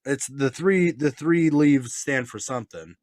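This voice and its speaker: A man's voice: mid-range voice, unhurried, darkish tone, no echo, clean studio sound. A man telling stories in casual chat, swearing often, laughing, and acting out what others said. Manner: profane, laughing, acts out voices in stories. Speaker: podcast co-host.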